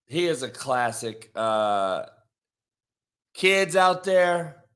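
A man hosting a morning sports talk show, hoarse from yelling, brash and profane as he hypes the show and reads sponsor plugs. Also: mid-range voice, big pitch swings, very slow. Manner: brash, profane, hype-driven.

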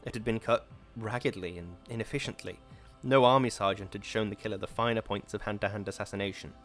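Male narrator, lower-pitched, steady dramatic delivery over soft music. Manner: measured, dramatic reading. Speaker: audiobook narrator. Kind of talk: scripted narration.

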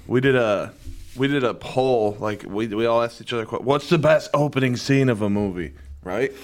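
A man's voice: medium pitch, moderate pace. A man trading wry, joking asides in casual podcast banter.

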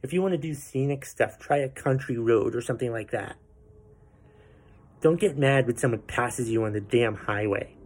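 A man's voice: medium pitch, normal speed, darkish tone, breathy edge. A man hosting a podcast, ranting about everyday annoyances with profanity and sarcastic asides. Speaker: podcast host. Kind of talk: ranting commentary.

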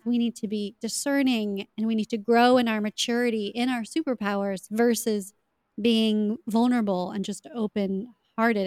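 A woman with a fairly high voice hosts a casual podcast interview. She talks loosely, with lots of "like" and quick asides. The sound is close and dry, with no room in it. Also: darkish tone, no room sound. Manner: chatty, filler-heavy, often says "like". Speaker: podcast host.

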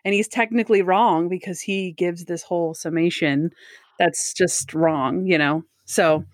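A woman's voice: fairly low pitch, fairly even intonation, measured pace, no echo, studio quality. A woman hosting a casual chat, recapping scenes in a chatty way with lots of retelling.

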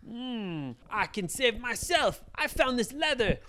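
Boastful, stubborn villain pilot, put on by a woman telling a bedtime story: loud, high, theatrical. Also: sing-song, slow pace, heavily acted. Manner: loud, high, dramatic wailing.

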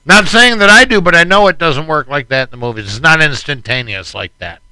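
Bright-voiced joking man on a podcast. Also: fairly high pitch, animated, brisk, no room sound, low-quality recording. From Wonder Lake, Illinois, USA. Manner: joking, teasing, crude. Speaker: podcast co-host. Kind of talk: casual podcast banter.

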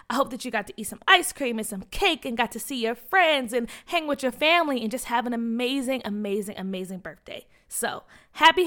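A woman hosting a children's story podcast. She reads announcements and narrates in an excited, energetic way. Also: high-pitched.

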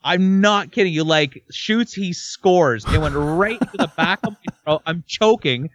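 A male guest telling a wild story with animated emphasis. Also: high-pitched, a little slow, no room sound. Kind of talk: casual storytelling.

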